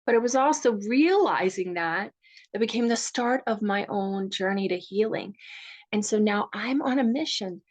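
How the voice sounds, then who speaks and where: A woman with a Southern US accent hosts a healing workshop in a calm, guiding voice. She tells her own story earnestly and personally. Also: mid-range voice, moderate pace. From rural Virginia. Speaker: divorce coach. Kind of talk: guided meditation and workshop talk.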